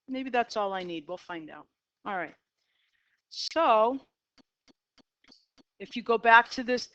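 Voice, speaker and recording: A woman's voice: a little high, fairly bright tone, smooth, dry recording. A middle-aged woman with a Boston accent teaching a math class, talking herself through graph sketches in an upbeat way. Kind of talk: classroom lecture. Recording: dull lo-fi, dry.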